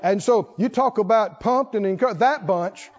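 A man with a strikingly high voice preaches to his congregation in a dull, lo-fi church recording. He tells his story in a folksy, rambling way and keeps building up to shouts of excitement. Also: moderate pace. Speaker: pastor. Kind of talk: sermon. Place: church sanctuary.

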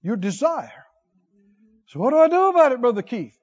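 A man preaching a sermon, animated, with call-and-response and comic asides. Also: extremely high pitch, moderate pace, in a large hall, lo-fi sound.

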